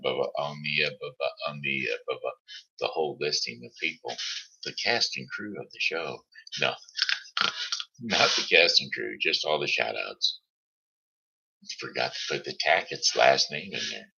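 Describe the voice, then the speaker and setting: A man hosting his own homemade live show, stammering and restarting as he reads out shout-outs and the weather. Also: rumbling low, creaky, husky, highs cut off. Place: home setting.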